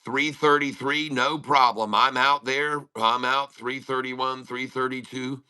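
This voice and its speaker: A man's voice: medium pitch, fairly even intonation, measured pace, sharp tone, clear, resonant tone. A middle-aged man hosting a casual live stream from home, chatting and muttering to himself while he fixes his audio, with a slight lisping sound on his voice. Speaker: day-trading livestream host.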